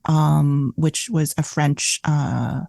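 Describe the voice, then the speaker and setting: A woman in her fifties, a cookbook author telling animated food stories in a casual interview, full of "like" and "you know". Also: deep voice, drawn-out words, gravelly, no echo.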